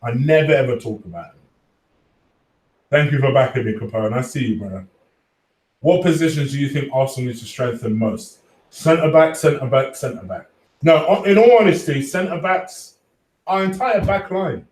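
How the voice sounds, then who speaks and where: A man's voice: mid-range voice, moderate pace, a little mellow. A chatty man hosts a casual live stream, swearing loosely and calling out viewers by name. He sits back from the mic in an echoey room, so his voice sounds roomy and a little distant. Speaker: fan channel host reading live chat.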